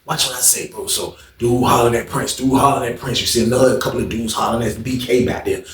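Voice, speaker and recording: A man telling a story in a casual, animated, slangy way, in an echoey room. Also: medium pitch, fast talker.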